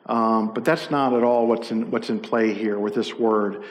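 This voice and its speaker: A man's voice: mid-range voice, moderate pace, hardly any pauses, big-room sound, dull audio. A middle-aged man preaching a conversational sermon as a pastor, with frequent fillers and self-corrections.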